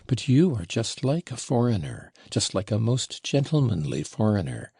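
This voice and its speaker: Audiobook: man doing an admiring, coaxing young woman, gravelly husky read. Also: fairly low pitch, big pitch swings, moderate pace, dark tone, no echo, studio quality, full character voice. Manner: insinuating, coaxing. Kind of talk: audiobook reading.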